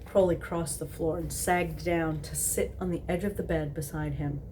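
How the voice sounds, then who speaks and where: A woman's voice: low-pitched, steady tone, moderate pace, dark tone, a little hiss or hum. A woman casually reading a story aloud, stumbling and repeating words, with giggly asides. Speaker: host reading fan fiction aloud.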